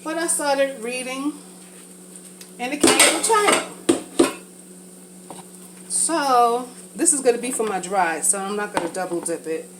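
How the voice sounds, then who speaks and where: A vlogger cooks and talks in a frank, casual way, wandering from one thought to the next with long pauses and an unhurried pace. Her voice is on the high side and slightly congested from a sinus infection. Heavy background noise surrounds her.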